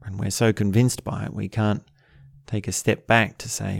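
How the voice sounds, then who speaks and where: A man giving a calm, thoughtful talk, musing aloud and asking rhetorical questions. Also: fairly low pitch, normal speed, vocal fry, dry recording, studio quality. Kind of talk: reflective spoken talk.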